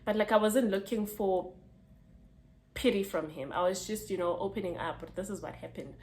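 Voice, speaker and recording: A woman's voice: mid-range voice, moderate pace, a little mellow, a little hiss or hum. A young South African woman telling a personal story to camera in a chatty, slangy way, laughing as she goes. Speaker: vlogger. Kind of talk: casual storytime.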